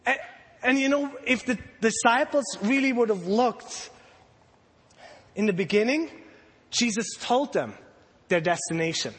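Animated high-voiced preacher in a reverberant hall. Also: male voice, a little slow, pauses often. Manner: animated storytelling, acting out voices of the disciples. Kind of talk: sermon to children and congregation.

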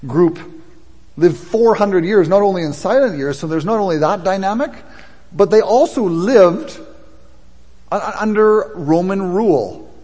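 A man with a fairly high, slightly husky voice delivers a sermon. His talk is casual and conversational, then grows emphatic and insistent. The sound carries a long reverb, as if heard in a large church hall. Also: expressive, a little slow, a little mellow. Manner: conversational preaching, rising in intensity. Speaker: pastor.

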